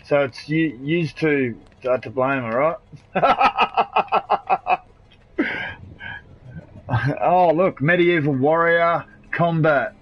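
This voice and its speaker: Australian man, rambling game stream chat. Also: medium pitch. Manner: rambling, swearing, laughing, chatting to friends. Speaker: gamer streaming live. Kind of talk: casual live-stream chat while gaming. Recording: dull lo-fi console stream audio.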